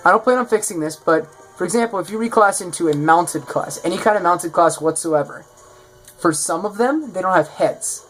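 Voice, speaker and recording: A man's voice: sits high, normal speed, a bit bright, faint music behind. A man casually presenting his own game mod in a showcase, rambling and correcting himself as he goes. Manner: rambling, self-correcting, offhand.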